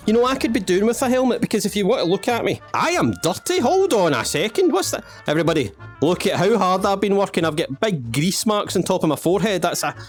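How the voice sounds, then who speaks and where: A Scottish man with a fairly high voice that swoops up and down as he jokes his way through a game. He rambles in cheeky asides and pokes fun at himself. Light music plays faintly behind him. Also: very animated, fast, hardly any pauses. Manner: rambling, self-mocking, jokey asides to the viewer. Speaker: gaming channel host. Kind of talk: playful let's-play commentary.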